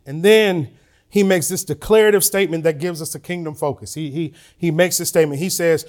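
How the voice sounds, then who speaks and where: A man preaching a sermon to his church, moving between relaxed asides and rising emotional emphasis. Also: fairly high pitch, brisk. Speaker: pastor. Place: church sanctuary.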